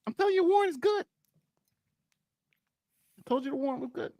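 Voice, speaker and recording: A man's voice: very high voice, lively intonation, brisk, warm tone, no room sound. A man co-hosting a casual live stream, boastful and rambling, often repeating himself. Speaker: co-host.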